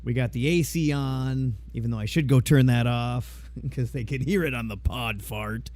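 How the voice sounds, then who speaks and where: A man's voice: medium pitch, normal speed, darkish tone, no echo. A man hosting a sports podcast in a laid-back, slightly scattered casual chat. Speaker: podcast host.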